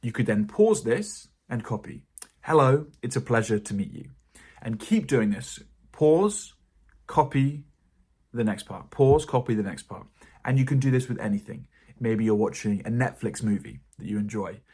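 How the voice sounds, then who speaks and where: A man with a British RP accent teaching a pronunciation lesson in a calm, encouraging way. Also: mid-range voice, moderate pace, husky. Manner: calm, encouraging explanation to learners. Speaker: English teacher.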